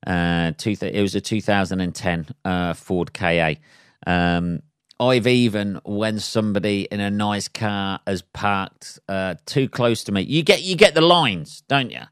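Man, low smooth voice, dry close sound, sweary rambling podcast rant. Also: unhurried, no echo. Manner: sweary, rambling, laughs at own jokes. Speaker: podcast host and stand-up comedian. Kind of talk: casual solo podcast rant.

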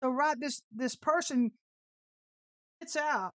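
Sassy woman preaching, higher voice. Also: takes it slowly, fairly bright tone, no room sound. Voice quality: brash, sassy, emphatic. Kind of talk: informal online sermon with storytelling.

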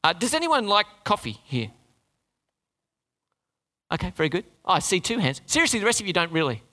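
Joking, animated preacher, male, high-pitched, echoing church hall. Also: a little fast. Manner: animated, joking, asks the crowd questions. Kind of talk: sermon.

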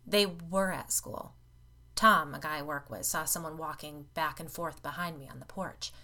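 A woman's voice: sits low, steady tone, normal speed, bright, forceful tone. A woman reading a grim, bitter homeowner man. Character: shaken bitter middle-aged man, homeowner.

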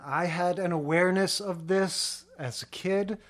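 A man co-hosting a podcast, giving relaxed, wry commentary on old sitcoms in casual chat. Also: high-pitched, a little slow. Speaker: podcast co-host. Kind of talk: casual chat about TV shows.

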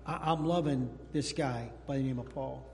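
A male pastor preaching a sermon, telling a story in an animated way and calling out to the children in the congregation. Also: mid-range voice, moderate pace, creaky. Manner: animated storytelling, talks to the kids in the room. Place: church sanctuary. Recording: long hall reverb in a church.

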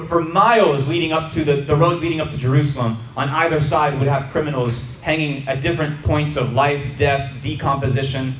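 A male preacher explains scripture to his congregation in an emphatic, conversational way. His voice sits fairly high and he speaks to the listeners directly. It rings through a roomy hall with a faint hum of ambience. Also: far from the mic. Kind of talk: sermon, reading and explaining scripture. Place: church hall before a congregation.

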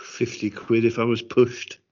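A man's voice: medium pitch, monotone, measured pace, darkish tone. A man co-hosting a podcast, chatting in a dry, amused way. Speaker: podcast co-host. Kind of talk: casual chat. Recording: dull lo-fi recording.

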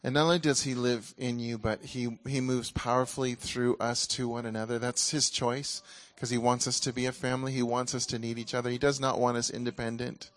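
A man preaching in a relaxed, conversational way and leading a congregation in prayer. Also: medium pitch, brisk, hardly any pauses. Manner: ecstatic, exclaiming and laughing during prayer. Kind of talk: charismatic sermon and prayer ministry.

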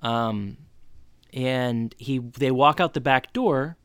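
A man co-hosting a podcast in casual chat, playfully acting out scenes with quick character voices. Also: medium pitch, a bit bright, clear, resonant tone, no room sound. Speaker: podcast co-host.

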